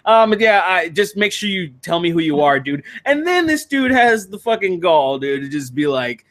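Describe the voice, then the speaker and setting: A man hosting a casual video-call chat, rambling with lots of fillers and restarts, crude and quick to laugh. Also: sits high, sing-song, a bit bright. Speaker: streamer hosting a patron hangout.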